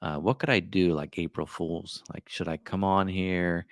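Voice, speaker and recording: A middle-aged man with a very low voice hosts a casual live chat. He wanders from thought to thought with frequent asides, and the recording sounds dry and close with no room echo. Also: steady tone, moderate pace. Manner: rambling, musing aloud with many asides. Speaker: livestream host.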